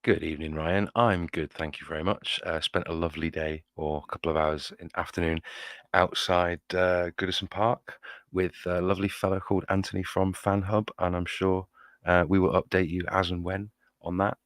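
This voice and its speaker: Deep-voiced co-host, wordy and playful. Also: male voice, level tone, normal speed, no echo. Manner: wordy, mock-formal, playful, with restarts. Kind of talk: casual fan podcast chat.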